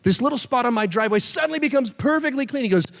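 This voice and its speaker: Man, 30s, youth pastor, sermon, animated storytelling, jokey asides, long hall echo. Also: very high-pitched, racing, vocal fry. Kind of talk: sermon to a student audience. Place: church hall.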